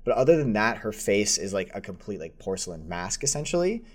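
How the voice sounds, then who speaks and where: Lower-voiced man narrating a tabletop game. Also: sing-song, a little fast, darkish tone. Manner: casual, rambling, many fillers. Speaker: game master.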